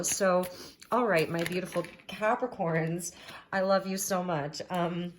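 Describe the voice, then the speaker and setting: A woman giving a spiritual tarot reading to camera, speaking gently and reassuringly with frequent "um" fillers, recorded on a phone. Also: lowish voice, fairly even intonation, measured pace. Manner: gentle, affirming, many "um" fillers. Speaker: tarot reader.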